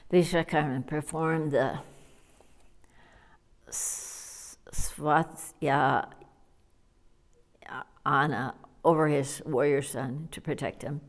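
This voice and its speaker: A woman narrating an audiobook of a retold scripture in a measured, deliberate way. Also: very deep voice, a little mellow.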